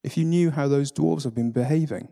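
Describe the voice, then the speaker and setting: A man's voice: medium pitch, fairly quick, gravelly, warm tone, lightly acted. A man reading aloud and voicing a peevish, indignant young boy.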